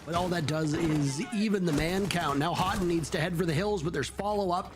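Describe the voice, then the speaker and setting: Brief: high-voiced male play-by-play caster, lively delivery, noisy booth behind. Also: a little fast. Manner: excitable, rising pitch at big plays. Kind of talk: esports play-by-play commentary.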